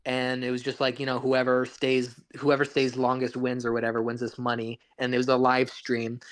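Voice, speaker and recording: A man co-hosting a podcast, chatting casually about movies, rambling with frequent restarts. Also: medium pitch. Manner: rambling, restarts often, laughs along. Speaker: podcast co-host. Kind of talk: casual film chat.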